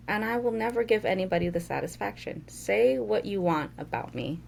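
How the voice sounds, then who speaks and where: A woman co-hosting a podcast in casual chat, telling stories in a measured way with many "like" fillers. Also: mid-range voice, animated, creaky, a little mellow, a little hiss or hum. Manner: measured storytelling with frequent "like" fillers. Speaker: podcast co-host.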